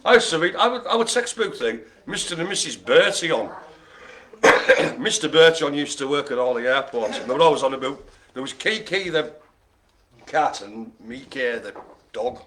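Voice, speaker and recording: A man calls bingo in a bright, ringing voice that swoops up and down. He keeps up a stream of jokey banter and quick asides between numbers. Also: fairly high pitch, expressive, slight background noise. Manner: joking, chatty, quick asides with laughs. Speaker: bingo host. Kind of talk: lively bingo calling with banter.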